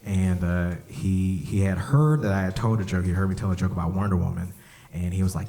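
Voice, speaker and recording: A man telling stories in a stand-up comedy set at a club, acting out voices and breaking into shouts. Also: low voice, brisk. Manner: animated storytelling, acts out voices, bursts into shouts. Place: comedy club stage, live audience.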